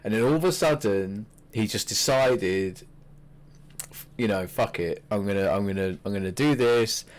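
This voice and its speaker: A man co-hosting a podcast, chatting casually about wrestling, animated and swearing freely. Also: on the low side, moderate pace. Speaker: podcast co-host.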